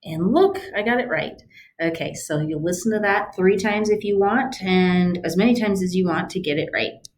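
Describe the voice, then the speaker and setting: A woman's voice: mid-range voice, normal speed, a little hiss or hum. A woman German teacher walking students through homework on a screen recording, chatty and patient, explaining step by step.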